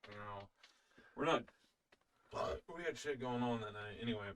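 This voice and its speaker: A man's voice: mid-range voice, normal speed, fairly bright tone, slight background noise. A young man on a podcast, telling a story in laid-back slang and trailing off mid-thought. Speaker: podcast co-host. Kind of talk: casual storytelling chat. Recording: voice distant from the mic.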